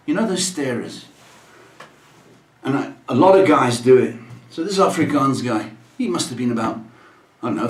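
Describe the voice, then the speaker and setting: English guy hosting a stream, exasperated comic rant, slow drawl, roomy echo. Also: mid-range voice. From England. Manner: exasperated, animated ranting with sudden loud outbursts. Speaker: livestream host. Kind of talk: comedic storytelling rant.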